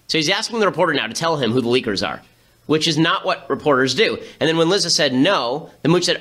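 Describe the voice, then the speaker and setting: A man delivers a quick political commentary monologue, full of sarcasm and disbelief. His voice sits somewhat high for a man. It has a bright, forceful edge. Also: lively intonation. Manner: fast, sarcastic and incredulous.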